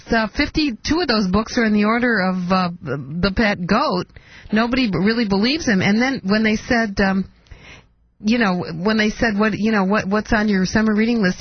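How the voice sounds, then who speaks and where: Sarcastic husky-voiced woman radio host. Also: mid-range voice, no echo, dull audio. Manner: sarcastic, mocking, rhetorical questions. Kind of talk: political commentary monologue.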